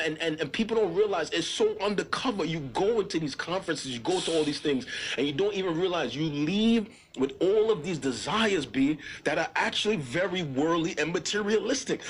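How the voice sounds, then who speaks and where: A man's voice: fairly high pitch, a little hiss or hum. A man, a pastor, talking in a casual interview, earnest and informal, often building into impassioned preacher-like appeals. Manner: informal, keeps calling the listener "bro". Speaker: pastor, podcast guest. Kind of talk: casual conversation.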